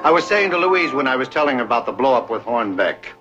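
An actor playing an excitable, exasperated agency boss, blustering in 1960s sitcom style. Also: male voice, medium pitch, fast talker, dull audio, soft background music.

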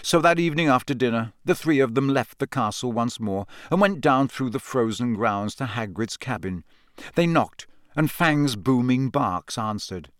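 Guy reading an audiobook, lively up and down voice, dry close mic. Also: mid-range voice, normal speed, no room sound. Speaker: audiobook narrator. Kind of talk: audiobook narration.

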